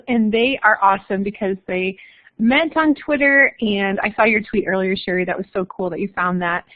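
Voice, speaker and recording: A woman's voice: medium pitch, no echo. A woman hosting a webinar, introducing the next speakers in a gushing, enthusiastic way. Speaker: webinar host. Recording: tinny dry phone-like line.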